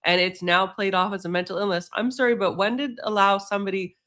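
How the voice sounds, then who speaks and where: A man's voice: sits high, level tone, quick pace, bright, forceful tone. A man hosting a casual podcast, talking bluntly and with sarcasm. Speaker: podcast host.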